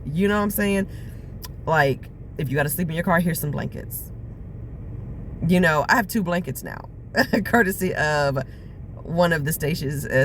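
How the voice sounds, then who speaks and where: A woman's voice: low voice, a little hiss or hum. A woman vlogger telling her own story in a personal video diary, earnest and reflective, with frequent fillers.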